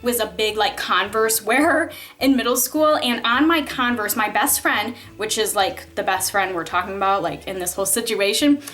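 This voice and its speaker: A young woman vlogger recounts something from her school years in an exasperated, chatty way, stuffing her speech with "like"s and other fillers. Her medium-pitched, slightly bright voice moves at a moderate pace with hardly any pauses.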